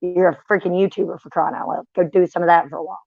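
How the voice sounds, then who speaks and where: A woman's voice: on the low side, steady tone, racing, creaky, dry recording. A woman voicing an exasperated male God who brusquely shoos her away. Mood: annoyed. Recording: dull, dry lo-fi sound.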